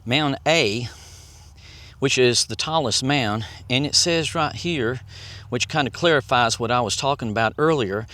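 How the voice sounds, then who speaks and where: A man's voice: medium pitch, unhurried, sharp tone, no room sound. Easygoing man touring outdoors. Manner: easygoing, rambling, reads signs aloud. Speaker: vlogger and tour guide. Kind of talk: casual touring commentary. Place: outdoors at a historic site on a hot day.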